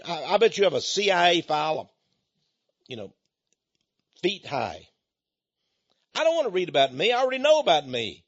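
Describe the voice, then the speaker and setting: An older man delivers a rambling, folksy sermon, slipping into chuckling asides. His husky voice sits fairly high and rises and falls a lot. The recording is dull and lo-fi. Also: big pitch swings, normal speed, long pauses, a bit bright. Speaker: preacher with a ministry.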